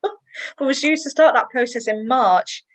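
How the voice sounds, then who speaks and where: A woman's voice: a little high, moderate pace, low-quality recording. Woman, 30s, chatty interview guest, emotional, laughs a lot. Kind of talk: personal interview.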